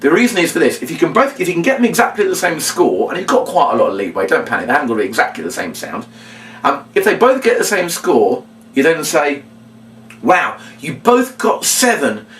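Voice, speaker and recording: Lively man explaining a kids' magic trick. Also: fast talker. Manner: animated, jumps into a high shouty kids'-show voice for demo lines. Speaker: children's entertainer teaching a magic routine. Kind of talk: instructional talk with acted-out patter. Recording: echoey room, mic at a distance.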